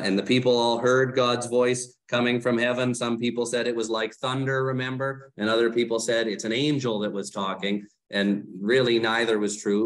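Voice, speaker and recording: A man leading a Bible study, explaining the text in a conversational way, often asking the group questions and correcting himself as he goes. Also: lowish voice. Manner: fillers and self-corrections while explaining. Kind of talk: casual teaching talk.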